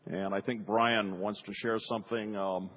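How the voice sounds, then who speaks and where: A man's voice: fairly low pitch, steady tone, normal speed. A man leading a prayer meeting, encouraging the group and organizing the next speakers with casual hesitations. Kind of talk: preaching and hosting a prayer meeting. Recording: dull recording in a reverberant hall.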